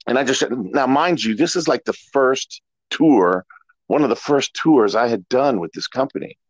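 A middle-aged man, a former wrestler, telling stories in a relaxed, rambling way as an interview guest. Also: medium pitch, moderate pace, no echo. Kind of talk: casual storytelling interview. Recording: dull lo-fi dry audio.

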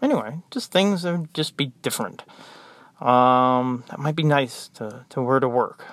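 A man's voice: mid-range voice, expressive, normal speed, a bit bright, no room sound. An American man who works as a nurse, talking in a rambling, exasperated, joking monologue. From United States. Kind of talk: casual monologue.

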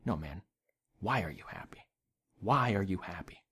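A man's voice: sits high, sing-song, measured pace, vocal fry, a bit bright, husky, pitched above the performer's own voice, heavily acted. A man imitating a friendly male bartender who keeps pressing with questions. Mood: earnest. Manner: teasing then intensely earnest.

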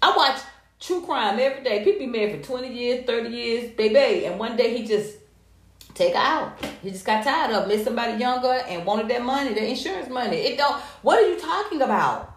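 An American woman giving casual, sassy gossip commentary, animated and profane. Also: on the high side, fairly quick. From United States. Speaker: commentary vlogger. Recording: echoey room.

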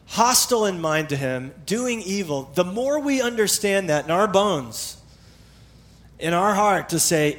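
A middle-aged male pastor preaching a sermon in a conversational, animated way, with emphatic repetition. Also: high-pitched, measured pace.

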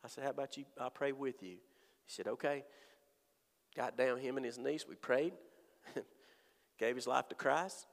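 Male preacher, gravelly voice, lively storytelling testimony, long hall reverb. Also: medium pitch, measured pace, pauses often. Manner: animated storytelling with voiced quotes. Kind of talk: sermon testimony.

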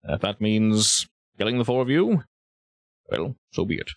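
A man's voice: on the low side, sing-song, normal speed, no room sound. A man voicing a smug, menacing mech pilot in a tabletop game.

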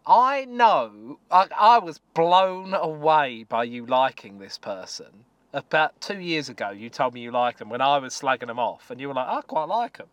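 A man co-hosting a casual morning chat show, bantering in a lively, chatty way. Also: medium pitch, moderate pace, few pauses, no room sound. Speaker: co-host.

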